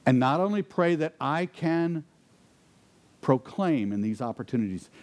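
A man preaching a sermon, asking rhetorical questions and dropping to quiet intensity for emphasis. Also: on the high side. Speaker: pastor.

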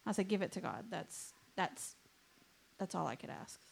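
A woman shares a testimony before a church congregation, speaking earnestly and plainly. Her voice sits at a middle pitch and carries a gravelly, fry-tinged texture. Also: expressive, moderate pace, a little hiss or hum. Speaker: church member giving testimony. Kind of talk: testimony story.

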